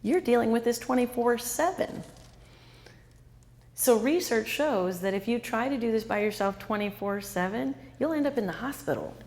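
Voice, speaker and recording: A woman's voice: a little high, expressive, normal speed, darkish tone, long reverb tail. A woman author giving an interactive talk to a live audience, quizzing the listeners and repeating their answers back. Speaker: author and speaker.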